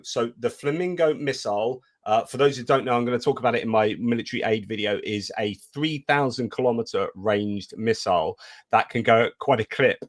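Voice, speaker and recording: A man's voice: mid-range voice, dry recording, clean studio sound. A man co-hosting a casual live stream, chatting about the news and reading out viewer comments.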